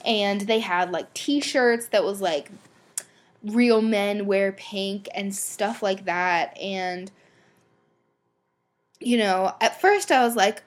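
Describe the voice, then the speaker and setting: A woman's voice: mid-range voice, takes it slowly, fairly bright tone. Blunt, sweary young woman rambling. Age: young adult. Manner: filler-heavy, many ums and likes. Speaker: podcast host. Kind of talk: casual solo podcast chat.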